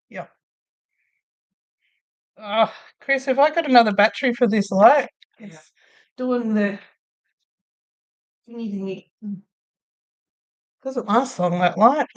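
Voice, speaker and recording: This Australian woman's mid-range voice comes through with dull audio as she runs a crochet livestream from home. Her talk is relaxed, rambling chatter while she crochets, broken up by frequent laughter.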